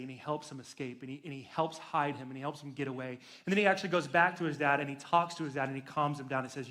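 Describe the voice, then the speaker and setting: A man's voice: medium pitch, fairly even intonation, quick pace, few pauses, bright, forceful tone. A young man preaching to teenagers as a youth pastor, telling a story casually and with energy, adding jokes. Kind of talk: sermon to teens.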